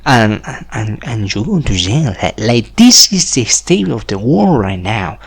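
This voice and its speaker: Rambling young man, lively pitch. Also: a little slow, vocal fry, slightly rough. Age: 20s. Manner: rambling, repeats "like", chuckles between phrases. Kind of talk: rambling monologue.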